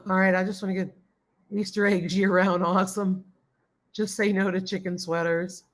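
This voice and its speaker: A woman's voice: mid-range voice, little pitch movement, moderate pace. Chatty woman hosting a live stream. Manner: chatty, greets viewers and reads chat comments aloud; gushing and grateful toward viewers. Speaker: livestream host. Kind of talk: casual live-stream chat.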